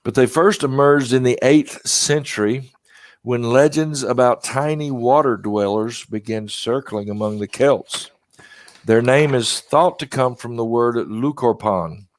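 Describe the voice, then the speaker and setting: A man's voice: medium pitch, measured pace, no room sound. A man hosting a podcast, talking casually with lots of fillers and self-deprecating asides. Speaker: podcast host.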